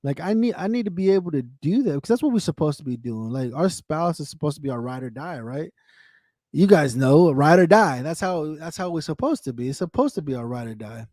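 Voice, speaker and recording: Male livestreamer, candid and profane, repeats himself; slightly high, mellow voice, dry close sound. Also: expressive, brisk, dry recording. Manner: candid, swearing, repeats himself, talks to viewers by name. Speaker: livestream host. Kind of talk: casual emotional chat.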